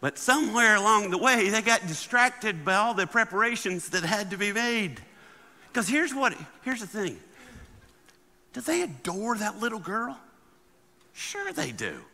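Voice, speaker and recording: Lively man preaching in a hall. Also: high-pitched, measured pace. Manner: animated, acts out the people in his stories. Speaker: guest speaker. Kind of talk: humorous sermon storytelling. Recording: long hall reverb.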